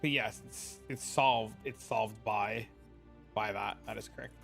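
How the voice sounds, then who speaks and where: A young man chatting casually on a gaming livestream, profane and excitable, swearing freely. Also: fairly low pitch, measured pace, vocal fry, soft background music. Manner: profane, excitable, talks to his cats. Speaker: gaming streamer.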